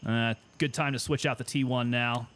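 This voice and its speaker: A man's voice: medium pitch, fairly even intonation, normal speed, fairly bright tone. A man streaming a game, chatting and joking in casual commentary. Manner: chatty, joking, self-amused.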